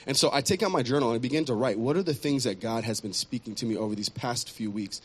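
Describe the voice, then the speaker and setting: A man's voice: medium pitch, fast, slightly rough. Earnest man sharing a testimony. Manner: earnest, restarts and repeats words. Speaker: church member giving testimony. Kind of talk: personal testimony.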